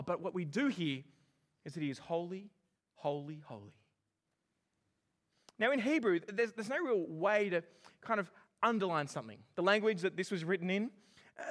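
A man preaching a sermon, animated and joking as he makes his points. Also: high-pitched. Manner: animated and joking, with lively emphasis. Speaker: pastor.

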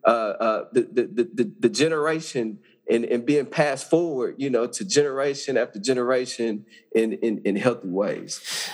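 A man's voice: mid-range voice, normal speed. A man who is a judge, talking earnestly as a podcast guest and often repeating words as he builds his point.

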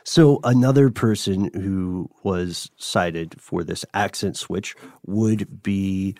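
A man hosting a podcast, explaining things in a measured, casual way and laughing often. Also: deep voice, darkish tone, no room sound, clean studio sound. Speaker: podcast host.

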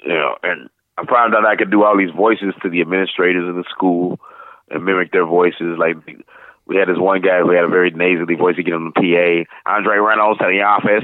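A man in his fifties from St. Louis, telling rambling, lively stories as an interview guest. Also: low-pitched, dry recording. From St. Louis, USA. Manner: rambling, animated anecdotes, slips into voices. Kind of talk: casual storytelling interview. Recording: tinny phone line.

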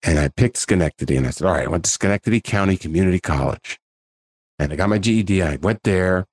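His voice sits low and moves fast. A man in his forties, appearing as a guest in a relaxed interview, tells stories with animation and acts out the conversations.

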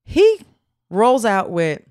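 A woman's voice: medium pitch, slow, no echo, clean studio sound. A woman co-hosting a casual gossip chat, telling stories with sarcastic asides. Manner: animated storyteller, sarcastic asides.

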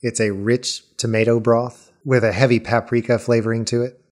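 A man's voice: mid-range voice, level tone, moderate pace. A man narrating as game master of a tabletop game, descriptive and laughing often.

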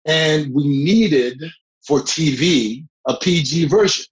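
A middle-aged man, an actor, telling anecdotes in a casual interview, animated and laughing along the way. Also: fairly high pitch, takes it slowly, dull audio, a little hiss or hum. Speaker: actor, guest.

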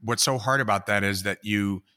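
Middle-aged man guesting on a podcast, kinda low but bright voice, gentle, pauses a lot. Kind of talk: conversational podcast talk.

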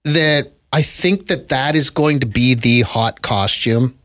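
A man's voice: medium pitch, slow, fairly bright tone. A man co-hosting a podcast, chatting casually with wry, teasing humor. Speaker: podcast co-host. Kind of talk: casual chat.

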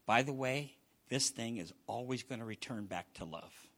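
A middle-aged man preaching a sermon, swinging from loud bursts down to hushed near-whispers. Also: medium pitch, moderate pace. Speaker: pastor.

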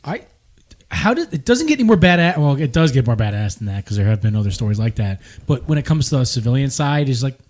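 A man's voice: mid-range voice, big pitch swings, fast, darkish tone. A man in a casual group chat, throwing in crude jokes and teasing remarks. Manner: joking, crude interjections.

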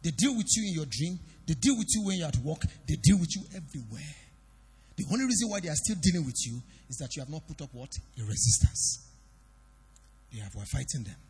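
A pastor preaching a sermon in a church hall, swinging between loud declarations and quiet confiding. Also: male voice, fairly high pitch, sing-song, fast, slightly rough. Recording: long reverb of a church hall.

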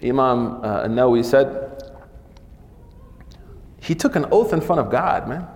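A man's voice: medium pitch, expressive, unhurried, a little mellow. Casual man teaching in an echoey hall. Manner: casual, often ends phrases with "man". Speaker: religious teacher. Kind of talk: informal religious lesson.

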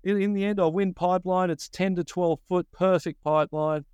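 Aussie guy in his 50s, smooth voice, dry close mic, tells stories with lots of energy. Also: high-pitched, fairly quick, no echo. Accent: Australian. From Australia. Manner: animated, acts out his own past thoughts. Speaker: guest, surf commentator. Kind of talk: casual interview storytelling.

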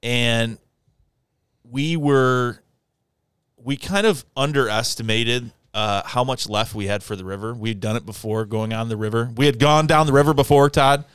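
A man from telling a casual, profane story on a podcast, acting out his friend's angry yelling. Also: mid-range voice, normal speed, smooth, dry recording, studio quality.

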